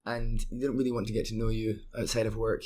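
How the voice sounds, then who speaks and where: A man's voice: on the low side, flat delivery, quick pace, over a noisy crowd. Agreeable Scottish man. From Scotland. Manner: agreeable, lots of short backchannels. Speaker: podcast guest. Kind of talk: casual chat.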